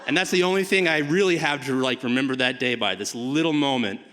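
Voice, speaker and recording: A man telling a personal story on a live stage, animated and rambling with many fillers, swinging from hushed to shouting. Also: medium pitch, fast, slight background noise. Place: theater stage before a live audience. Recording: hall reverb from a live stage.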